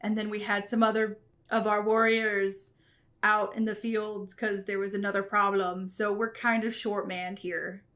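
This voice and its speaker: A woman voicing a stoic, gruff male dwarf king who speaks with measured courtesy. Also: medium pitch, level tone, fairly bright tone, close to an everyday voice. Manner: courteous, measured royal speech.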